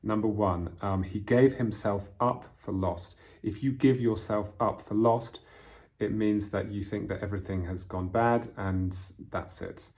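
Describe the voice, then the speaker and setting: A man teaching English vocabulary from a storybook, explaining words slowly with frequent fillers. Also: on the low side, darkish tone. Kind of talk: vocabulary lesson reading from a storybook.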